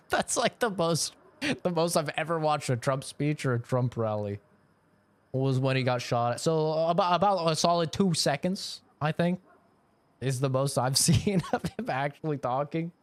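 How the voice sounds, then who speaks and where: A young male gaming streamer with a somewhat high voice talks at a moderate pace on a dry recording. He chats casually with viewers, reads their requests, jokes, laughs and swears freely.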